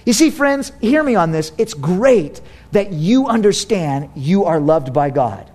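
A man's voice: high-pitched, a little slow, hardly any pauses. A male pastor in his thirties preaching a sermon in a church, telling stories with humor and speaking straight to his congregation. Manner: animated, humorous storytelling, direct to congregation.

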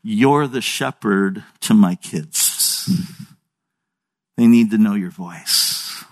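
A man's voice: on the low side, drawn-out words, dry recording, voice pushed down, full character voice. A man voicing a plainspoken male sheep rancher who talks in a folksy, matter-of-fact way. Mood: earnest.

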